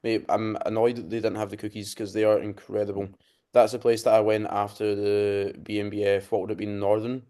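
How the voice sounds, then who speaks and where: A man's voice: lowish voice, level tone, a little fast, warm tone. A young man, co-hosting a casual podcast and telling stories with swearing and laughter. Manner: chatty storyteller, swears, laughs often. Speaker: podcast co-host, coach.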